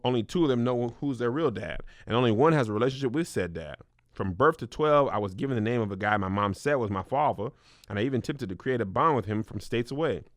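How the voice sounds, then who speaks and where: A man hosting a comedic advice show, reading viewer letters aloud and then riffing on them with loud mock outrage. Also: fairly high pitch, dry recording, studio quality. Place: small studio.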